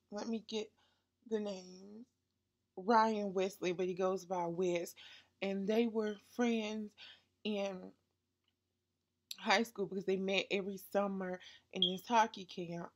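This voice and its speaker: A woman with a stuffy nose chatting through a book review on her vlog, gushing about what she read. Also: medium pitch.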